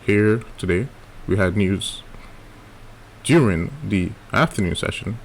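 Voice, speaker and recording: A man's voice: fairly low pitch, slow pace, gravelly, slight background noise. A man teaching a live trading lesson in a casual coaching way, often checking in with "right?". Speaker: trading educator.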